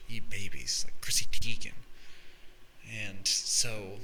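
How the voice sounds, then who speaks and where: A young man rambles through a comic story with a bright, sharp tone and a lively, swinging pitch. He swears freely and stumbles into restarts, piling on fillers. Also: slight background noise, poor audio. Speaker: podcast host. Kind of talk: comedic storytelling monologue.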